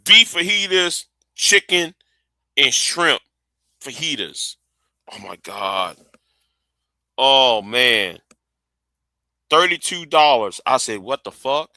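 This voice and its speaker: A man's voice: mid-range voice, big pitch swings, takes it slowly, long pauses, sharp tone, dry recording. Rambling, profane man on a stream. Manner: rambling, profane, repeats words while thinking. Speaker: live streamer. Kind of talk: casual rambling live stream chat.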